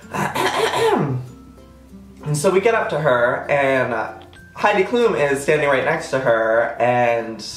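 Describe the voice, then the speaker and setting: A man in his twenties telling a personal story in a chatty, self-mocking way, acting out quotes in a sudden high voice. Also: sing-song, takes it slowly, fairly bright tone, reverberant, soft background music. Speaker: vlogger. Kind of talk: casual storytime.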